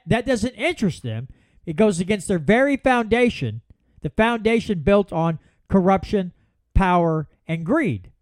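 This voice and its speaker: A man's voice: high-pitched, no room sound. A man hosting a solo political podcast, telling folksy stories with many restarts. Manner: folksy, animated storytelling with repeated restarts. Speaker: podcast host.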